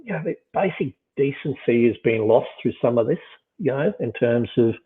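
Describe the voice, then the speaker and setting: A man's voice: mid-range voice, animated, normal speed. A middle-aged man talking through business and leadership in a rambling way, full of "you know" and restarts. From Australia. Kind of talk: casual conversation. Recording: tinny phone-like line.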